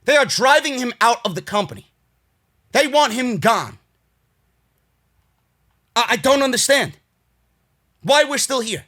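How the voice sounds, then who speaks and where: A man with a New York accent ranting furiously and profanely as he reviews a wrestling show, swinging between shouting and tired grumbling. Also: very high voice, lively intonation, unhurried, long pauses.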